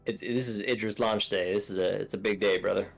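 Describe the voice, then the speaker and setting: A man's voice: fairly low pitch, fairly even intonation, brisk, creaky, faint music behind, rough recording. A man chatting casually while playing a space game with friends, laid-back and full of fillers. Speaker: streamer. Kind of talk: casual gaming chat.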